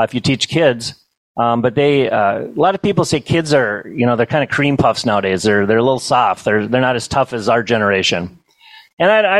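A middle-aged man telling humorous stories to a banquet audience, with a deadpan comic delivery and chuckles. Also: mid-range voice, dry recording. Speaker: storyteller. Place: banquet hall.

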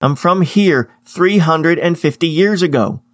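A man's voice: a little high, animated, measured pace, no echo, pitched above the performer's own voice. Casting: man playing arrogant captive stranger, odd antique foreign accent, languid and threatening, dry close sound. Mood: insistent. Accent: strange old-fashioned foreign accent.

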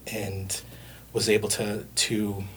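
A man's voice: lowish voice, completely flat delivery, takes it slowly, fairly bright tone, a little hiss or hum. A man preaching a sermon in a conversational way, with frequent fillers and restarts. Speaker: pastor.

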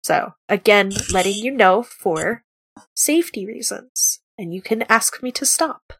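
A woman's voice: mid-range voice, animated, a little slow, a bit bright, husky. A woman chatting casually while planning a role-play scene, swearing freely and filling with "like". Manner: profane, laughing, lots of "like". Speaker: tabletop role-play player.

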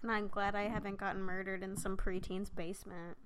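A woman's voice: medium pitch, level tone, a little fast, crowd noise. A woman co-hosting a podcast, mostly giving short reactions and dry quips. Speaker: podcast co-host. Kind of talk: casual chat.

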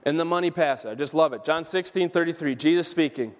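A male pastor delivers a sermon, pressing his points home by repeating them and reading scripture passages aloud. His voice sits high for a man. The recording carries the long reverb of a church sanctuary. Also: fast, few pauses. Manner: preaches with emphatic repetition, quotes scripture aloud.

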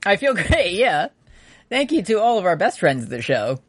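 Jokey podcast host with a lively voice. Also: medium pitch, normal speed, dry recording. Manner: jokey, laughs often, rattles off long name lists. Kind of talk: casual podcast outro.

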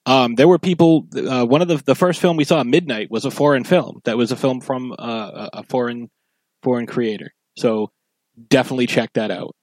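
A man co-hosting a casual horror podcast, easygoing and full of "uh"s. His voice sits at a middling pitch. The sound is dry and close to the mic. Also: moderate pace, no echo. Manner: relaxed, filler-heavy with frequent "uh". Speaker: podcast co-host.

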